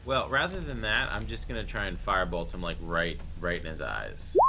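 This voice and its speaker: A man with a very deep but bright voice plays a tabletop game. He talks hesitantly and pauses mid-thought, with faint noise in the background. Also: lively intonation, vocal fry, rough recording. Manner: hesitant, questioning. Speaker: player. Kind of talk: casual tabletop chat.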